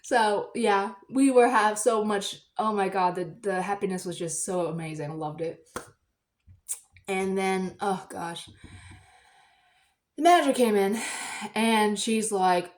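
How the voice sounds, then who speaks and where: A woman vlogger telling a personal story in a chatty, rambling way, breaking into loud excited bursts. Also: mid-range voice, slow, long pauses.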